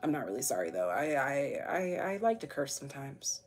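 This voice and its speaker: A woman's voice: a bass voice, very animated, brisk, slight background noise. A woman giving a casual live tarot reading, chatty, with many fillers and casual swearing. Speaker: tarot reader.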